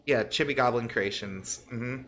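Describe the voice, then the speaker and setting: A man's voice: mid-range voice, normal speed, fairly bright tone, slight background noise. A man streaming a game, chatting casually, swearing and laughing often. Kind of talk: casual gaming chat.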